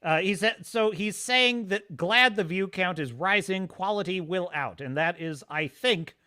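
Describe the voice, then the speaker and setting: Excitable man hosting a livestream. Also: sits high, a little slow. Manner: rambling, excitable, reads chat aloud. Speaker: livestream host. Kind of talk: casual livestream chat.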